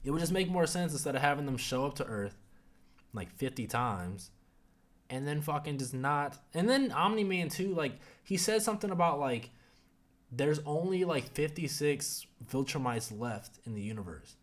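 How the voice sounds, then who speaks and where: A man's voice: a little high, animated, moderate pace. Rambling, cursing young man. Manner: rambling, profane, filler-heavy. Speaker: podcast host. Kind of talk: casual review chat.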